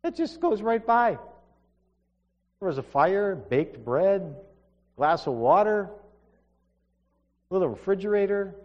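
Guy preaching a sermon, earnest, keeps restarting, a bit high-voiced, dull muffled sound. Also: big pitch swings, takes it slowly, pauses often. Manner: earnest and emphatic, with repeated restarts. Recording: dull reverberant hall recording.

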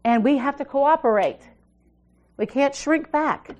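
A middle-aged woman pastor preaching a conversational sermon, swinging from emphatic declarations to soft, low asides, with frequent restarts. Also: measured pace.

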